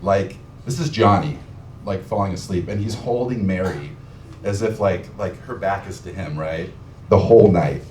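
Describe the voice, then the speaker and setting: A man's voice: low voice, normal speed, a little mellow, a little hiss or hum. A man telling a rambling, heartfelt story on stage, full of fillers. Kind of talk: live storytelling tribute. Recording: distant from the mic in an echoey room.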